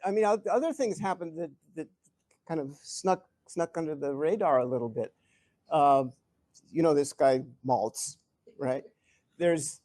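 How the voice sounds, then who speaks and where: An older man answering audience questions at a live event, telling stories in an animated way, chuckling and often restarting his sentences. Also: a little high, no room sound. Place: event hall before an audience.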